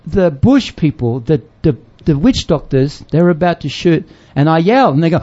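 A man's voice: a little high, expressive, normal speed, few pauses, mellow. An older man, a missionary, telling a story in a casual chat, acting out voices and laughing often. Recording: dull lo-fi sound.

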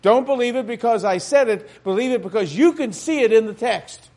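A man's voice: very high-pitched, lively intonation, a little fast, a little mellow. A man pastor preaching a sermon in a church, talking to the congregation with frequent rhetorical questions.

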